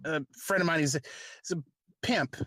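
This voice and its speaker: A man's voice: on the high side, moderate pace, sharp tone, dry recording. A man hosting a podcast, rambling in stop-start sentences full of fillers. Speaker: podcast host. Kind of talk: casual podcast chat.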